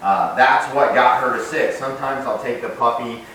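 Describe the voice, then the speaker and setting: A man's voice: mid-range voice, moderate pace, a little hiss or hum. A young adult man, a dog trainer, casually explaining puppy training while working with the dog. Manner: relaxed, explaining while training, bright sharp commands to the puppy. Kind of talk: casual instructional demo. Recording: very echoey room, mic at a distance.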